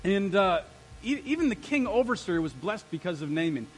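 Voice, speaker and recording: A male pastor preaching an energetic sermon, throwing questions out to the congregation. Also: high-pitched, a little fast, soft background music, low-quality recording.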